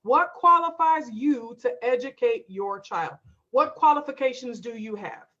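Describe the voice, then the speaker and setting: Woman, livestream host, high-ish voice, emphatic, folksy, chatty, dull lo-fi audio. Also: lively intonation, unhurried, a bit bright. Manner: emphatic, folksy, talks straight to viewers. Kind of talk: casual livestream chat reading viewer comments.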